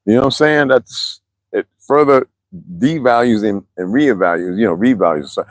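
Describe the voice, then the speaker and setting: A man's voice: fairly low pitch, moderate pace, no room sound, rough recording. An older man from the US East Coast, rambling and profane in casual livestream chat, answering viewers as he goes. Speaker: livestream host.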